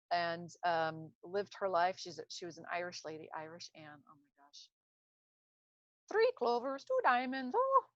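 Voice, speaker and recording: A woman's voice: on the low side, dry recording. Woman talking casually, dull lo-fi recording. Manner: rambling, searching for words, frequent restarts. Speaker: speaker on trauma recovery. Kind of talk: casual unscripted talk to camera.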